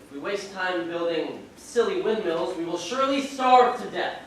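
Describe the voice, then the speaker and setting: A man's voice: high voice, animated, normal speed, fairly bright tone, a little hiss or hum. A teenage boy on a school stage playing a stubborn, scheming pig who argues bluntly. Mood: dismissive. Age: teens. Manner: blunt, dismissive arguing. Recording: echoey hall, mic far off.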